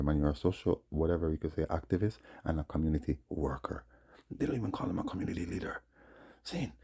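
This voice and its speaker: A man's voice: extremely low pitch, dark tone, husky. A man, ranting in a rambling, indignant monologue full of muttered asides. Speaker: vlogger.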